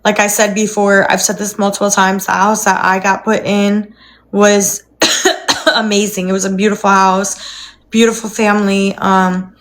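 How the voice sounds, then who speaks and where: A woman's voice: mid-range voice, level tone, unhurried, a bit bright. A young woman chatting casually on a phone livestream from her apartment, rambling, with cooing baby-talk to her dog.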